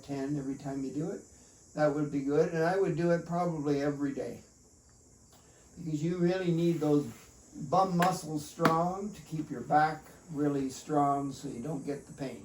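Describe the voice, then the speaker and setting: A man talks through a home exercise routine in a chatty, folksy way, tossing in jokey asides to himself. His voice sits a little high. He sounds distant in an echoey room with a faint hiss behind him. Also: a little mellow. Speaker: fitness instructor. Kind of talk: exercise demonstration. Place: at home in a bedroom and by a doorway.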